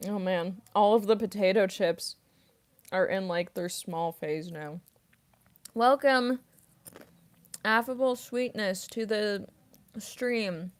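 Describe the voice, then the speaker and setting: A woman's voice: mid-range voice, slow, long pauses. A young woman, a voice actress and singer, answering viewer questions in a rambling, casual livestream chat full of fillers and giggles.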